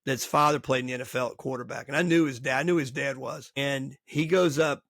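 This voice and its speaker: In a clean, dry studio recording, this middle-aged podcast host and baseball coach swaps stories in casual conversation. He speaks a little fast in a mid-range voice and animatedly performs the dialogue of the people he quotes.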